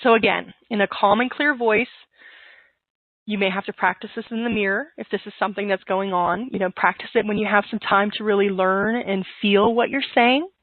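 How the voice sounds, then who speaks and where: A woman giving calm, steady divorce-coaching advice in an interview, with frequent fillers. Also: mid-range voice, a little fast, dry recording, phone-quality sound.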